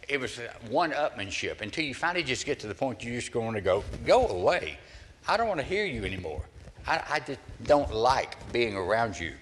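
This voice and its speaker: An older man from the American South preaching a sermon, telling stories with animated acted-out voices. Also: mid-range voice, big-room sound. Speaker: pastor.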